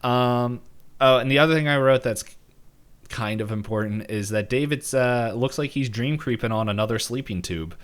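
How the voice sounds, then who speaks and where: Man, podcast co-host, casual movie talk, laughs a lot, mid pitch. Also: normal speed, smooth. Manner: laughs often, acts out quoted lines. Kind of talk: casual movie reaction chat.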